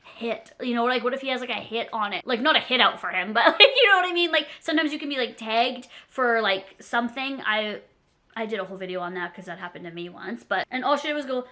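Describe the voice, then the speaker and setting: A young adult woman telling a story in a casual vlog, rambling and animated, with lots of "like" fillers. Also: fairly high pitch, quick pace. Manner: chatty, rambling, many "like" fillers; animated and self-deprecating. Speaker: storytime vlogger.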